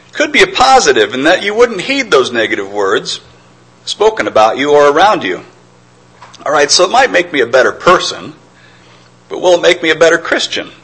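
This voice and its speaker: Husky-voiced man preaching a sermon. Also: on the high side, sharp tone, low-quality recording. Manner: earnest, reflective, with stammered restarts.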